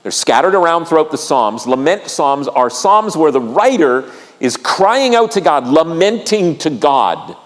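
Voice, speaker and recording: A pastor preaches a sermon in a church sanctuary, his slightly high voice very animated at a measured pace, with church hall reverb. Earnest and repetitive, he asks the congregation questions and stresses key lines.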